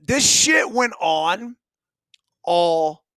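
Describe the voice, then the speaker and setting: A man's voice: high voice, sing-song, very slow, sharp tone. A man in his forties co-hosting a casual podcast, emphatic and swearing freely. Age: 40s. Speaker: co-host, former baseball player. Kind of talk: casual chat.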